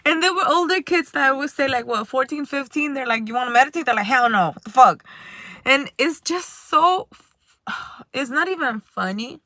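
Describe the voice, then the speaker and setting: A woman's voice: sits high, lively intonation, moderate pace, sharp tone, dry recording. A woman telling a long, rambling personal story in a casual vlog, laughing often between thoughts. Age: adult. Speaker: spiritual vlogger.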